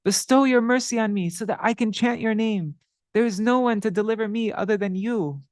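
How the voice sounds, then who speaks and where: A man's voice: high voice, fairly quick, darkish tone, no echo, studio quality, pitched above the performer's own voice, close to an everyday voice. Man doing a pleading repentant ruffian. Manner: pleading, raised and earnest.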